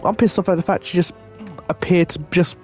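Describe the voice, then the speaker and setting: A young gaming channel host plays a game and chats with viewers, rambling casually and swearing now and then. His voice is high and steady, a little fast, with faint music in the background.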